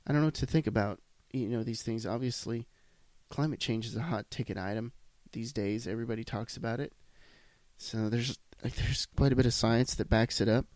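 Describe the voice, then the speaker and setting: A man's voice: mid-range voice, a little fast, darkish tone, dry recording. A man hosting a solo podcast, ranting bluntly with lots of swearing and restarts. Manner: blunt, profane, rambling with restarts. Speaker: podcast host.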